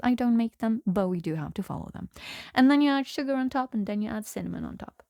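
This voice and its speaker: A woman's voice: fairly low pitch, creaky, darkish tone, no echo, studio quality. A woman from Norway, a tarot reader, telling a tale in rambling casual chat, laughing often and breaking off her own sentences.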